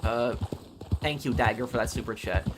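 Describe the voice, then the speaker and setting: A man streaming a game, chatting casually and answering super chats in a halting, opinionated, rambling way. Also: medium pitch, noisy background. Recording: game sounds with horses behind.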